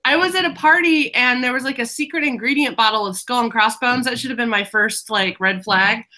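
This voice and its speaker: Chatty bright-voiced woman co-host. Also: fairly high pitch, brisk. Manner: chatty storyteller, rambling asides. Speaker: book club co-host. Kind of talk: casual video chat.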